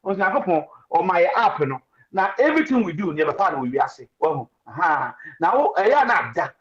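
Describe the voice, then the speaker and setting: A man with a Ghanaian accent speaking as a radio panelist, excitable and preachy, mixing Twi and English. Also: high voice. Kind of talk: animated talk radio discussion. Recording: dull lo-fi radio stream.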